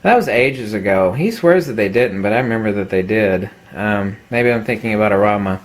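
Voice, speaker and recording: A man's voice: fairly low pitch, brisk. A man telling a story in a casual, rambling rant, exasperated and full of fillers as he talks to his viewers. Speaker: photography vlogger.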